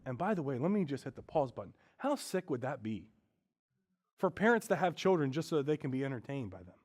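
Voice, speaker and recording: A pastor preaching a sermon, earnest and candid, moving from quiet reflection to loud, animated stretches. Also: male voice, medium pitch, brisk.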